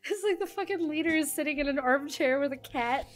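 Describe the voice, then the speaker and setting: Very high-pitched, giggly woman. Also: fairly quick, soft background music. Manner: giggly, mostly laughs and short replies. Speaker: co-streamer. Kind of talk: casual gaming stream chat.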